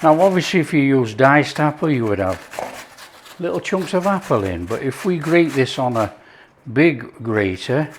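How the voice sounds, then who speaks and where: A man's voice: medium pitch, animated, moderate pace, a little hiss or hum. A man hosting his own cooking channel, chatting enthusiastically to viewers as he demonstrates a recipe.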